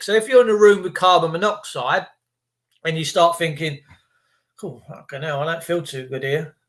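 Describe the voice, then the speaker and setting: Rambling vlogger, high for a man, cheeky asides, swings between quiet mutters and loud emphasis. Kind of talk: rambling monologue to camera.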